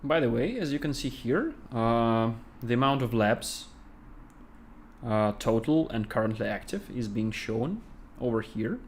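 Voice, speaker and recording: A man with a Russian accent, a game developer thinking aloud with many pauses and fillers as he plays on a casual livestream. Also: mid-range voice, lively intonation, slight background noise. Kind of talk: casual livestream gameplay commentary.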